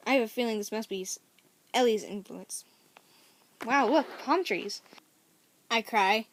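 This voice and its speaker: Woman reading a novel aloud, casual, chatty asides, self-correcting, somewhat high voice. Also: no room sound. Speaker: story reader.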